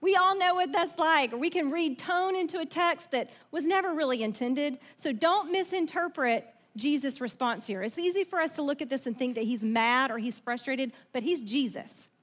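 Woman pastor, high voice, animated conversational sermon, plays out story voices. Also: moderate pace, few pauses. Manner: conversational, animated, asks the audience questions; acts out quoted voices in the story.

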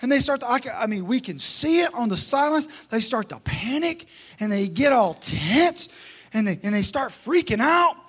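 A man's voice: very high-pitched, moderate pace, breathy edge. A man preaching a sermon, telling a story with energy, humor and repeated emphasis. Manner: energetic, joking, repetitive emphasis.

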